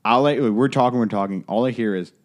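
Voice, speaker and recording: A man's voice: mid-range voice, quick pace. A young adult man co-hosting a podcast, telling a story in a rambling, profane way full of fillers. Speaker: podcast co-host. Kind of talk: casual storytelling chat.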